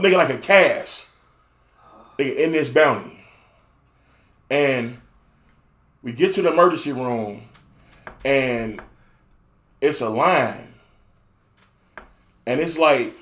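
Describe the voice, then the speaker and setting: A man whose voice sits on the high side spins a crude tale for a podcast, recorded in an echoey studio room. He keeps it loose, lively and casual, leaning constantly on phrases such as "you know" and "you know what I'm saying."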